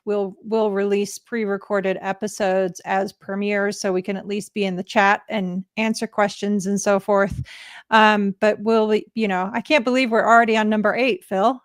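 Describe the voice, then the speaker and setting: Cheerful woman co-hosting a livestream, gone, smooth clear voice, dry close sound. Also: medium pitch, dry recording. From England. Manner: bubbly, laughs often, quick affirmations. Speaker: foundation board president, co-host. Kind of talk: casual livestream chat.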